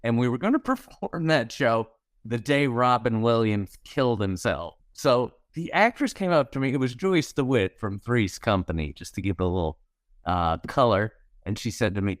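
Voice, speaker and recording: A man in his sixties, a comedy writer, spins wry anecdotes during a podcast interview, voicing the people in his stories. His medium-pitched voice is animated and moves at a normal speed. The recording is clean studio sound with no room echo.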